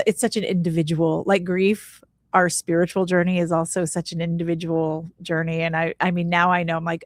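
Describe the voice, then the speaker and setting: Woman podcast guest, slightly low pitch, earnest spiritual storyteller, casual speech. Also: no echo, clean studio sound. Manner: casual, earnest, leans on "like" while recounting; spiritual, reflective tone. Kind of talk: heartfelt personal storytelling.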